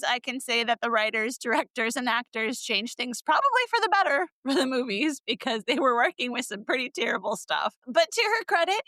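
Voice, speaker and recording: A woman co-hosting a casual book-review podcast, sarcastic and animated, swearing freely and laughing often. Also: a little high, no room sound. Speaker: podcast co-host.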